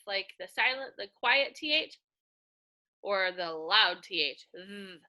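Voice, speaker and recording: A woman teacher giving a slow, coaxing reading lesson to young children, sounding out words in a sing-song way. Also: mid-range voice, animated, bright, forceful tone.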